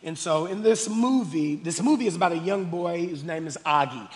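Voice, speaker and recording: A male pastor preaching a sermon, calling the congregation y'all and swinging between quiet questions and shouted declarations. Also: on the high side, normal speed. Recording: long hall reverb.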